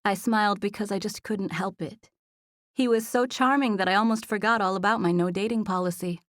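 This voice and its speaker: A woman narrating a first-person romance audiobook in an even storytelling voice, recorded in a studio. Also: mid-range voice, a little fast, no room sound.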